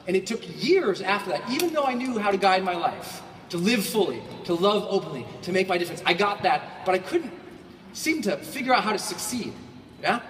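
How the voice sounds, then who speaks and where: A man giving a motivational keynote to a large audience. He swings between quiet reflection and shouted bursts, and he acts out quoted voices. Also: high-pitched, big pitch swings, a little fast, slight background noise. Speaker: motivational speaker. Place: large hall. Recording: echoey hall from far off.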